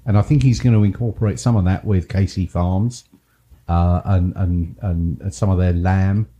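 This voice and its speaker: This is an Englishman co-hosting a podcast. His voice is low and very dark. He chats casually, ribs his co-host, and laughs often. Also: steady tone, normal speed. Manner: teasing, laughs often, repeats words. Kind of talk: casual chat.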